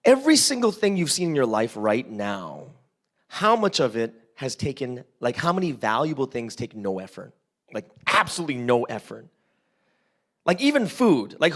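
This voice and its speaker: A man's voice: mid-range voice, big pitch swings, moderate pace. A man from Canada preaching a casual, joking sermon, often asking the congregation questions. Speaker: pastor.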